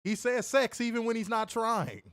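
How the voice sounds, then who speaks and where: With a very high-pitched, fairly bright voice at normal speed, this man co-hosts a live wrestling review stream. He's casual and profane, laughs frequently, and reads out viewers' super chats, all in studio-quality sound without room noise.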